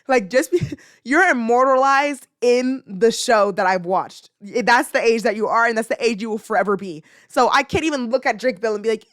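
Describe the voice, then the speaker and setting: A woman in her twenties hosting a casual podcast, rambling emotionally and swinging from loud outbursts to low muttering. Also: no room sound, clean studio sound. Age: 20s. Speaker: podcast host. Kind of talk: casual ranting chat.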